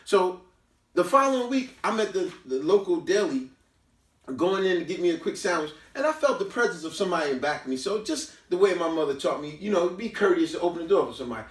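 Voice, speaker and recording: Animated man telling a story. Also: sits high, quick pace. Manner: animated, emphatic, preachy asides. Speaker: book review host. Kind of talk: casual storytelling. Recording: roomy, from a distance.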